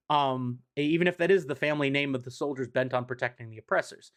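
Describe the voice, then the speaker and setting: A man's voice: mid-range voice, a little fast, few pauses. A man streaming a casual comic recap, loose and profane, full of "um" and "like", giving enthusiastic fan opinions.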